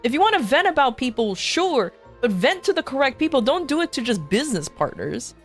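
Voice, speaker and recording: In a high-pitched, sing-song voice that runs a little fast, a young woman VTuber chats through a casual gaming stream with faint music behind. She swears freely, laughs often, speaks bluntly, and mocks people in put-on voices.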